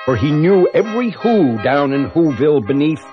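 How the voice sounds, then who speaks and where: A man's voice: a little high, very animated, moderate pace. An older man narrating a rhyming storybook in a rhythmic, playful way, building up on repeated words. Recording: dull lo-fi cassette with music.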